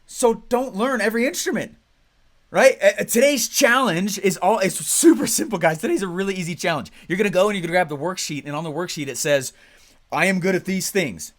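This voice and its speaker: A young man coaching course members with lively energy, now and then acting out excited and angry clients. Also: on the high side.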